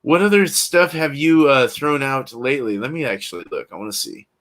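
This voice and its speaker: A man's voice: medium pitch, expressive, fairly quick, fairly bright tone. A man hosting a livestream, chatting casually with viewers in a laid-back, slangy way and laughing often. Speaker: livestream host. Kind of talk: casual chat with live chat.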